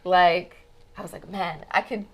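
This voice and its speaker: A woman with a lowish voice, a guest musician, chats casually in a studio lounge, telling stories packed with fillers like "like" and "um." She speaks at a measured pace with fairly even intonation, and the recording quality is low.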